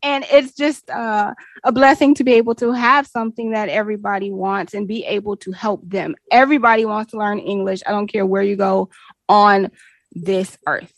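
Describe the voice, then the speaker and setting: A young woman talks through a casual interview, bubbly and quick to laugh. The sound is dry and close, with no room around her. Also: medium pitch, no room sound. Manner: bubbly, laughs often, animated quoting. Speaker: interview guest.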